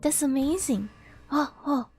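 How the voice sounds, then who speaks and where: A woman's voice: sits high, unhurried, over music. A woman live-streaming, chatting casually and reading chat aloud, gushing with delight and giggling often.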